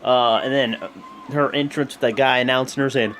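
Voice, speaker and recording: A man's voice: mid-range voice, fairly quick. A young man giving a rambling, casual video recap of a wrestling show at home, full of fillers. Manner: rambling, animated, lots of fillers. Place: home room with a TV.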